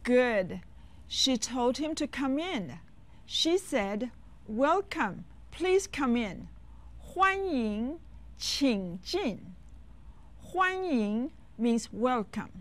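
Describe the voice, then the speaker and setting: A woman teaching beginner phrases in a clear, instructive scripted lesson. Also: a little high, lively intonation, very slow. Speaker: language teacher.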